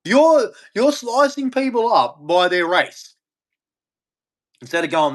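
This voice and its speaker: A man's voice: high voice, sing-song, slow, pauses often. A man with an Australian accent delivering a heated, profane rant as host of a live stream. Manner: angry, profane, blunt ranting. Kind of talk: ranting monologue.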